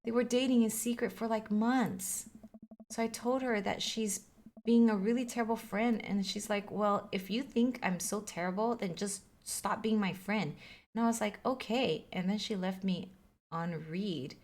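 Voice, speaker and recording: A woman's voice: mid-range voice, moderate pace, darkish tone, lightly acted. A woman reading the lines of an upset teenage girl from a video game, rambling, hurt and exasperated. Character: upset teenage girl venting about friends.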